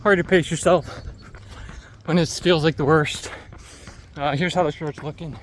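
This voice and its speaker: A man's voice: on the high side, fairly even intonation, a little slow, slight background noise. A man out of breath, chatting and joking to a camera he carries while running outdoors in the heat. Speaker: running vlogger. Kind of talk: casual vlog commentary while running. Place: outdoors on city streets in the heat.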